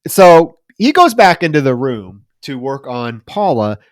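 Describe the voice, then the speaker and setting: Lively man recapping a film, dry sound. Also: medium pitch, unhurried, no room sound. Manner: animated retelling with profanity. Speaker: podcast co-host. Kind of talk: casual film review chat.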